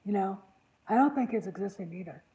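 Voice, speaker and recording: A woman's voice: mid-range voice, lively intonation, fairly quick, warm tone, rough recording. Exasperated woman hosting a chat. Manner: exasperated, rambling commentary. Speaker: online channel host. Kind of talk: casual panel chat.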